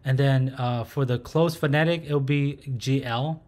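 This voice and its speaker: A man's voice: medium pitch, a little slow, a little mellow. A man teaching a recorded language lesson. He speaks patiently, sounds out syllables and repeats them aloud.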